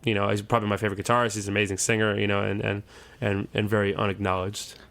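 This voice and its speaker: A man's voice: fairly low pitch, flat delivery, racing, vocal fry, fairly bright tone. A man, a soul singer, chatting casually in an interview, rambling with lots of restarts and fillers. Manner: rambling, many restarts and "you know". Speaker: soul singer and guitarist, guest.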